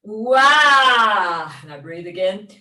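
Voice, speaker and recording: An Australian woman leading an online vocal warm-up workshop, giving relaxed, encouraging instructions with loose fillers. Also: lowish voice, moderate pace. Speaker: movement and singing workshop leader. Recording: echoey room, distant from mic.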